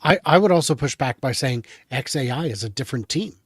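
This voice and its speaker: Podcast guy, calm counterpoints, really dry close sound. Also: medium pitch, brisk, breathy edge, no echo. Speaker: podcast co-host. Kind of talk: casual panel chat.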